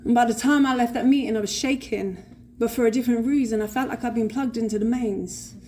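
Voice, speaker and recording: A woman with a London accent tells her own recovery story to a live convention audience, speaking into a podium microphone. She swears freely and slips into the voices of the other people in her story, with her voice sitting a touch high. A faint wash of room ambience sits behind her. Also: steady tone, fast, mellow, a little hiss or hum. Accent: London English. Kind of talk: live personal recovery share.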